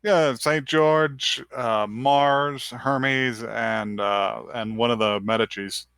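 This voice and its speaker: A man's voice: medium pitch, fairly even intonation, slow pace, creaky, a bit bright, clean tone, no room sound, clean studio sound. A man co-hosting a podcast, making wry jokes and laughing a lot in casual chat. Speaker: podcast co-host.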